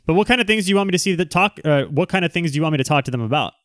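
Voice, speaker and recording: A man hosting a casual livestream, talking loosely and jumping between asides to the people watching. His voice comes across smooth and resonant. The sound is close and dry, with no room around it. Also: fairly high pitch, expressive, a bit bright, no echo. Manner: rambling, quick asides to viewers. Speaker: livestream host.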